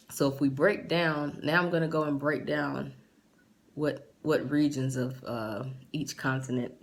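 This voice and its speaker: A middle-aged woman vlogger chatting casually and with amusement as she reads out her results, pausing often with fillers. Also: deep voice. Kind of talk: casual chat reading results aloud.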